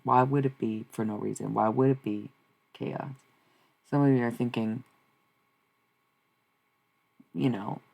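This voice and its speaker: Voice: mid-range voice, creaky, a little mellow, breathy edge. A live streamer rambling through spiritual musings, repeating questions and swearing casually. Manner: repetitive, searching, swears casually.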